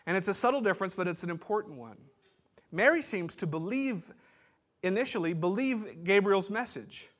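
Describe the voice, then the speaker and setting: A man's voice: high-pitched, animated, moderate pace, fairly bright tone. A man pastor giving a sermon, teaching in a conversational way with asides and restarts.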